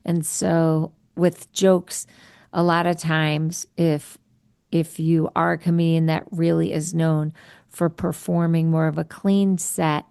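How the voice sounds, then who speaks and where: A woman's voice: low-pitched, level tone, takes it slowly, vocal fry, darkish tone, clean tone, no room sound, studio quality. A woman hosting a casual interview podcast, chatty and explaining terms for her listeners. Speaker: podcast host.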